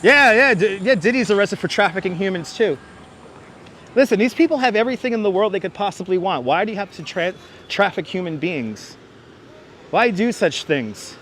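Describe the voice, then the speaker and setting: A high-voiced man with a Brooklyn accent talks into a wireless clip-on mic while walking city streets. He chats animatedly with his livestream viewers. Traffic hums faintly behind him. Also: normal speed. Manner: chatty, animated, often thanking viewers by name. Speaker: livestream host.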